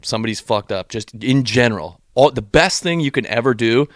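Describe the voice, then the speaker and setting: A young man co-hosting a podcast speaks briskly at medium pitch, recorded at studio quality with no echo. Over casual chat he delivers a long, profane story, acting out people's words with animation.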